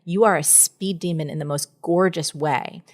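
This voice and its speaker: A woman's voice: sits low, steady tone, normal speed. A middle-aged woman talking as a podcast guest in a candid conversation, earnest and encouraging, speaking in emphatic bursts.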